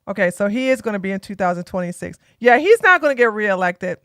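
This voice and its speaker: A tired woman from Georgia, USA, hosts a casual political live stream, speaking bluntly and sassily straight to her chat. Her mid-range voice is expressive, fast, a bit bright and smooth. The sound is clean studio quality with no echo.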